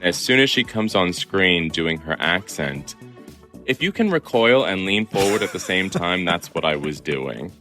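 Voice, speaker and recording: A man answers interview questions in a very low voice with a bright, forward edge. His delivery is wry and chatty, and faint music sits beneath him. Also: animated, a little slow. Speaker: journalist guest. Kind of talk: interview over a remote line.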